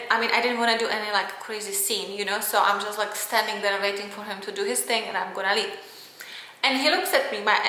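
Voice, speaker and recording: A woman's voice: mid-range voice, pushed and bright, echoey room, low-quality recording. A woman vlogger telling a personal story in casual chat, speaking English as a second language with many fillers. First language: not English. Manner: chatty, lots of "like" fillers, non-native phrasing.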